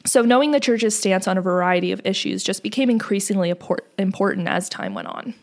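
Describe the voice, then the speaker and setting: A woman talks through church history as a podcast co-host, relaxed and conversational. Her pitch sits in the middle range, and she explains things patiently, with fillers here and there. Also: brisk. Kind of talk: casual religious discussion.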